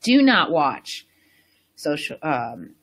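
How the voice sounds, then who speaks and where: A woman's voice: low voice, very animated, takes it slowly, fairly bright tone. Chatty woman hosting a wellness stream. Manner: chatty, rambling, enthusiastic. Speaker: wellness host. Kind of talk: casual live-stream chat.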